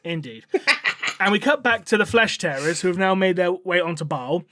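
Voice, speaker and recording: A man's voice: high-pitched, expressive, normal speed, a bit bright, no room sound. A man on a podcast, casually retelling a story with playful swearing. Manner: playful, swears, acts out characters in quoted dialogue. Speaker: podcast co-host.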